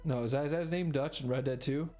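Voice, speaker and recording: A man's voice: mid-range voice, fast talker, darkish tone. A man in his forties chatting casually on a gaming live stream, rambling, repeating himself and poking fun at himself. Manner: rambling, self-deprecating, repeats phrases. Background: faint background music.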